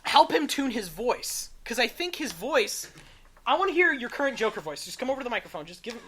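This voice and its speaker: A woman's voice: fairly high pitch, sing-song, brisk, a bit bright. A young woman co-hosting a casual podcast, chatty and rambling with lots of fillers, into a studio microphone. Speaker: podcast co-host.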